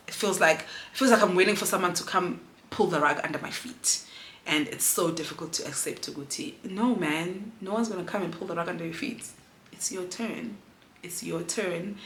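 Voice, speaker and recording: A woman in her thirties speaks to camera in a low but bright, forward voice, earnest and emotional, dropping in local words as she goes. The room around her rings with a noticeable echo. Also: slight background noise. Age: 30s. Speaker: vlogger and mother. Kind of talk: candid personal vlog. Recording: roomy echo.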